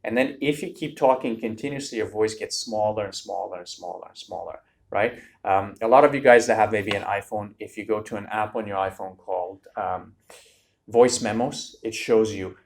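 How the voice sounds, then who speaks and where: A man's voice: lowish voice, normal speed. A man coaching students for a speaking exam, talking directly and energetically to viewers. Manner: direct, energetic, addresses viewers as "you guys". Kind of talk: tutorial lesson to camera.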